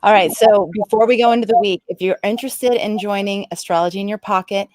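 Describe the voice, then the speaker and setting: A woman hosting an astrology podcast, chatting casually and plugging a subscription with quick, upbeat asides. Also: mid-range voice, darkish tone, no room sound. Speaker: podcast host.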